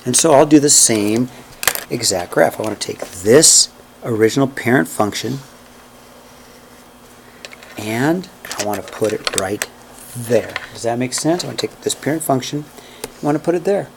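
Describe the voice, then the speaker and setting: A man speaks at normal speed in a medium-pitched, animated, creaky voice, pausing often, with slight background noise. He's teaching math in a classroom, counting out the steps aloud as he works them and checking in with "okay?" and "right?".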